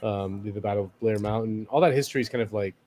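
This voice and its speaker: A man's voice: fairly low pitch, fast talker, darkish tone. A man co-hosting a casual political chat who rambles, leaning on "like" and restarting his sentences. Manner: rambling, many "like" fillers and restarts.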